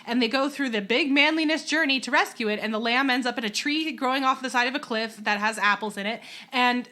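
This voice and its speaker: A woman in her thirties co-hosting a casual podcast, talking in animated, exasperated rants and laughing often, with a baby in her arms. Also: fairly high pitch, a little fast. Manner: holding a teething baby while talking. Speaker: podcast co-host.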